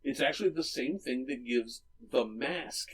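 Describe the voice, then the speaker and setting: A man co-hosting a casual movie podcast, retelling scenes with energy and quick character voices. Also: mid-range voice, fairly bright tone, distant mic, slight background noise, low-quality recording. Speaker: podcast co-host.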